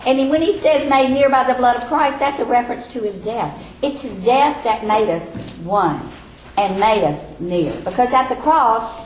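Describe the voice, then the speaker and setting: Animated woman preaching in an echoey room. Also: fairly high pitch. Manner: emphatic, slows down for key phrases. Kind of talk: expository sermon. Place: church or classroom with a board. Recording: echoey room with faint ambience.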